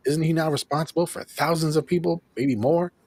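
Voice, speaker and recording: A man hosting a show, casually recapping an episode in an animated way, acting out lines and laughing often. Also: fairly high pitch, brisk, breathy edge, no room sound. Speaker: host of a show reviewing an episode.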